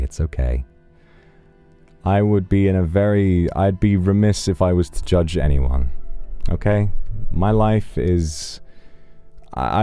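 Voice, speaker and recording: A man streaming, casually reading out donations in a teasing, flirtatious, rambling way. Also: rumbling low. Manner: relaxed, rambling, with fillers.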